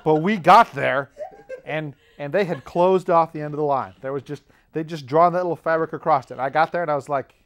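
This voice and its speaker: Chuckling man with a higher voice. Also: a little fast. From United States. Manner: rambling, chuckles often through his anecdotes. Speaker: podcast host. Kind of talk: comic storytelling monologue.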